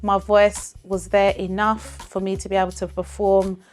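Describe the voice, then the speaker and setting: A woman's voice: mid-range voice, normal speed, faint music behind. Earnest woman singer telling her story. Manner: earnest, expressive, faith-filled telling. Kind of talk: personal vlog storytelling.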